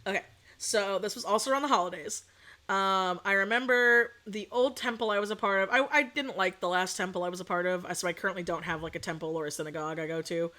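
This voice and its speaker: A woman's voice: medium pitch, fast talker, pushed and bright. A young adult woman streaming as a VTuber, chatting casually and rambling, swearing freely and laughing often. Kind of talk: casual chat.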